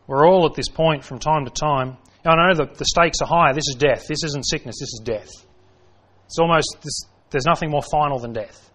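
A man's voice: fairly high pitch, normal speed, fairly bright tone. Man preaching a dramatic sermon. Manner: dramatic preaching, rhetorical questions, acts out quoted voices. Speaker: pastor.

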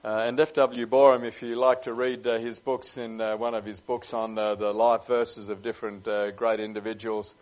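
A man preaching a sermon in an earnest way, often pausing with "uh" as he goes. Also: lowish voice, level tone. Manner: earnest, with many "uh" pauses. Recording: dull lo-fi recording.

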